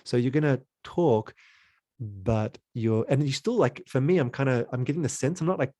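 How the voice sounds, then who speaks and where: Playful man teaching, mellow voice. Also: mid-range voice, normal speed, no room sound. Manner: playful, exploratory, jumps into sounds and voices. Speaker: creative workshop teacher. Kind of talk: online creativity lesson.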